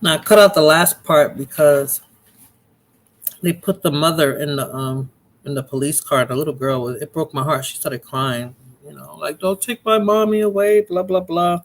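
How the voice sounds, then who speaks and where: Speaking at a normal speed in a slightly high voice, a man runs a live stream where he reacts to a video. He's chatty and casual, greeting viewers in the chat by name.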